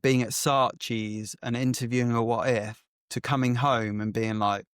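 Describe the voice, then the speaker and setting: A man tells his story as a podcast guest, lively and chatty, acting out each exchange with plenty of "like" along the way. His voice sits at a mid pitch and sounds close and dry, with no room echo at all. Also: normal speed, smooth. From England. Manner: animated storyteller who acts out quoted exchanges, frequent "like" fillers. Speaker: guest, agency founder. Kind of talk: casual storytelling interview.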